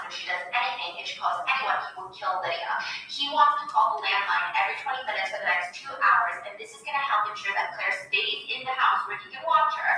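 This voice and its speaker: A woman streaming from home, casually recapping a movie plot with animated swearing and "okay?" asides. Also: medium pitch, far from the mic, slight background noise. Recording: roomy echo, voice from afar.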